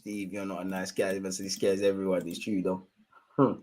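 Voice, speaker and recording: Excitable man reacting live to football. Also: deep voice, normal speed, a little hiss or hum. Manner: animated, slangy, shouts at the referee in bursts. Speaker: live match watchalong host.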